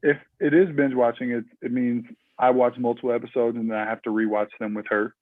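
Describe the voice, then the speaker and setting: A man's voice: medium pitch, level tone, brisk. A man from Minnesota, a podcast guest, chatting casually and rambling with lots of fillers and restarts. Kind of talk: casual interview chat. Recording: tinny phone-like remote line.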